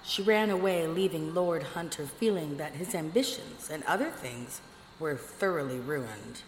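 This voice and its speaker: A woman narrating a fairy tale in a measured, expressive reading. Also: deep voice. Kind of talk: storybook reading. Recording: echoey room with long reverb, faint noise.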